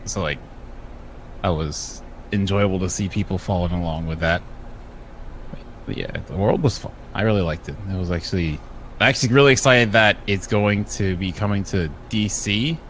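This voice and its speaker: A man on a casual podcast, recapping in a relaxed, rambling way. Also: low-pitched, moderate pace, slight background noise. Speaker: podcast co-host.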